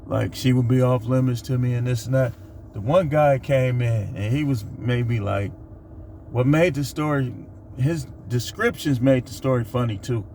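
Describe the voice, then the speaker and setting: Animated middle-aged male storyteller. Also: medium pitch, normal speed, a little hiss or hum. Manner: animated, laughs while telling. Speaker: vlogger. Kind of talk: casual storytelling monologue.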